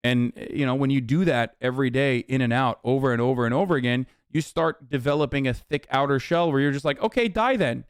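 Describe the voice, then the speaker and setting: A man hosting a live stream, ranting sarcastically and swearing freely as he reacts to chat. His voice is smooth and resonant at a middle pitch. The sound is close and dry, with no room echo. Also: fairly even intonation, quick pace, hardly any pauses. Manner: profane, heated, sarcastic. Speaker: livestream host.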